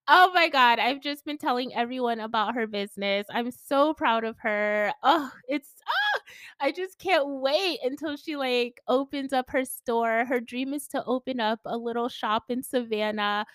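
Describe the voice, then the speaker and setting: A woman's voice: high voice, fairly bright tone, smooth, dry recording. A woman hosting a casual solo podcast from home, talking in a bubbly, effusive, giggly way and filling her speech with "like" and "you guys.". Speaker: podcast host. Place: at home indoors.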